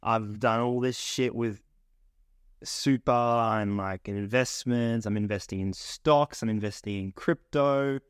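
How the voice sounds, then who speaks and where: A man's voice: lowish voice, unhurried, clean tone, no echo, studio quality. A young man co-hosting a podcast, chatty and teasing. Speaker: podcast co-host. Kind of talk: casual chat. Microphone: podcast mic.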